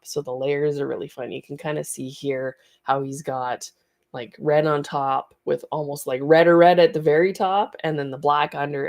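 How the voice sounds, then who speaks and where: Gravelly-voiced chatty woman. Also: deep voice, a little mellow. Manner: rambling, chatty, laughs easily. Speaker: studio livestream host. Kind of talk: casual livestream chat.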